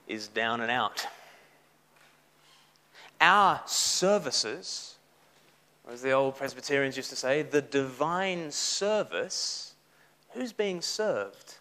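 A man preaching a sermon, animated, with mocking asides. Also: fairly high pitch.

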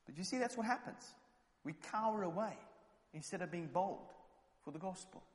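English guy preaching, bit higher voice, tells stories then gets all fired up, long echo in a church hall. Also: animated, moderate pace. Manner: storytelling, rising to loud fervent exhortation. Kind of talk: sermon.

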